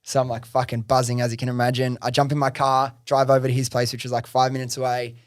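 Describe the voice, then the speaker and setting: On a podcast, a man tells his business story at a middle pitch, loose, chatty and excitable, swearing freely and filling his speech with "like" and "bro." He talks fast and is recorded close on a dry mic with no room sound, in a casual storytelling interview.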